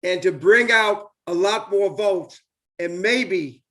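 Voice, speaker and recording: A rambling older man with a drawl chats on a live video call from home. His voice sits high for a man and keeps circling back over the same points. He is full of eager, repetitive enthusiasm, with plenty of "uh" and "you know" along the way. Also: slow pace, fairly bright tone. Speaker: host, former baseball player. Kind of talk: casual live chat.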